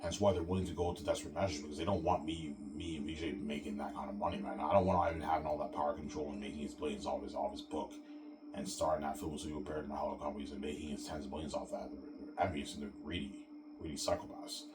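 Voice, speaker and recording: A man's voice: extremely low pitch, little pitch movement, fast, distant mic, heavy background noise. A man delivering an angry, repetitive, profane monologue to his video audience, recorded away from the mic with music behind. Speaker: video ranter.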